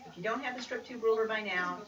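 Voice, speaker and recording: A woman's voice: on the high side, fast, a bit bright. Upbeat woman demonstrating in a roomy studio. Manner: chatty, upbeat, teasing asides. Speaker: quilt pattern designer presenting. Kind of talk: casual demonstration. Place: creative center studio. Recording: roomy, distant, noisy room sound.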